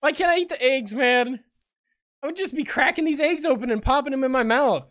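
A young adult woman streamer giving casual gameplay commentary, excitable, swearing and breaking into shrieks. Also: high voice, fairly quick. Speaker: game streamer.

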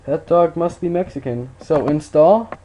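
A relaxed man walks through a screen-recorded computer tutorial in a loose, rambling way. His voice sits a little high with a mellow, soft tone. A faint hiss runs under the recording. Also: moderate pace. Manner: laid-back, rambling with fillers. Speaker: tutorial maker.

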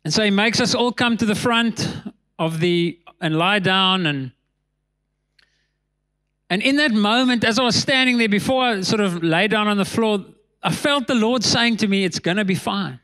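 A man, a pastor telling a story in a sermon, animated and laughing between lines. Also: moderate pace. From South Africa. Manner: animated, laughs between lines, drops voice low for tense moments.

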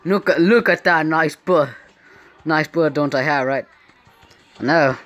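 A man hosting a gaming channel, giving excitable live commentary on his gameplay and often blurting startled exclamations. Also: on the high side, slow, faint music behind.

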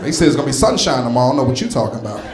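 A man's voice: medium pitch, big pitch swings, racing, noisy background. A man from North Philadelphia doing a live stand-up routine on a club stage, talking straight to the crowd in a punchy, conversational way. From North Philadelphia, USA. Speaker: stand-up comedian. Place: comedy club stage before a live audience. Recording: roomy live club recording with crowd laughter. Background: audience laughing.

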